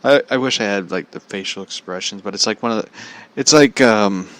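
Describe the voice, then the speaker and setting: A man hosting a podcast in a casual chat, rambling and halting, with many "like" fillers and chuckles. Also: fairly low pitch, fairly bright tone. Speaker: podcast host.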